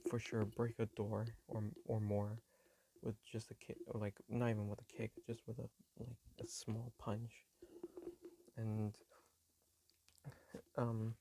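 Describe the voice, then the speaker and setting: A man's voice: medium pitch, vocal fry, mellow, husky, low-quality recording. A man casually retelling a fan story on his phone, rambling with lots of ums and likes and mumbling some of the quoted lines.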